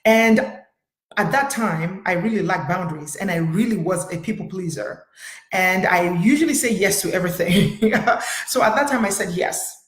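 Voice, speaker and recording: A woman's voice: medium pitch, roomy sound. A woman therapist sharing a personal story in an earnest, storytelling way, with many fillers. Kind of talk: personal talk to camera.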